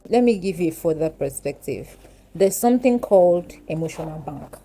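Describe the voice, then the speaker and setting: Chatty Nigerian woman, mellow voice. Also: lowish voice, moderate pace, breathy edge, rough recording. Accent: Nigerian English. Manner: chatty, animated, giggly. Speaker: beauty vlogger. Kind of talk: casual get-ready-with-me chat.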